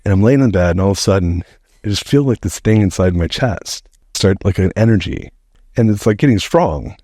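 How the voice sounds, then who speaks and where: A man's voice: low-pitched, brisk, no room sound, clean studio sound. A middle-aged man, a podcast guest, telling a story in a casual, rambling way, swearing freely and saying "like" often. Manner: animated, rambling, heavy use of "like", swears freely.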